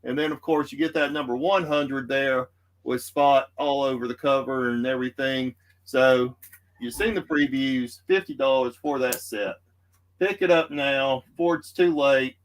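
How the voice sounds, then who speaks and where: Running live-stream sales patter for a comic book auction, this Texan speaks at a moderate pace in a steady, medium-pitched voice. His Southern US accent accompanies an easygoing, rambling style full of fillers.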